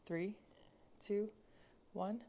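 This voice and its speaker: Slow, gravelly-voiced woman leading exercises. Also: medium pitch, a little hiss or hum. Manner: slow, calm cueing with counted breaths. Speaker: mobility instructor. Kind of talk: guided exercise class.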